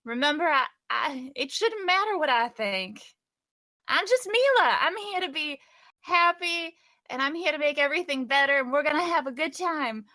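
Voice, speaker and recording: A woman's voice: sits high, lively intonation, normal speed, bright, forceful tone, dry recording. A woman voicing a cheerful, childlike young woman in a tabletop game, chirpy, giggly and eager to please.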